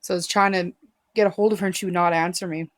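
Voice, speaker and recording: A woman telling a personal story to camera in a halting, emotional way, with many fillers and restarts. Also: lowish voice, fairly even intonation, no echo. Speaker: vlogger.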